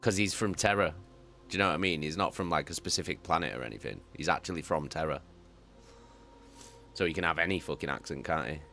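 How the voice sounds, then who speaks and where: A man who reads audiobooks, chatting casually with live viewers, animated and swearing often as he repeats himself. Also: extremely low pitch, quick pace, vocal fry. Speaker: audiobook reader and streamer.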